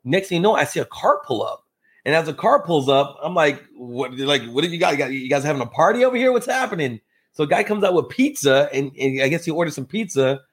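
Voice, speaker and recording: A man telling a story as a podcast guest, acting out the people in it with lively jumps in his voice. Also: a little fast, slightly rough. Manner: animated, acts out quotes with big pitch jumps. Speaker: podcast guest, real estate investor. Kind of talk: casual storytelling in conversation.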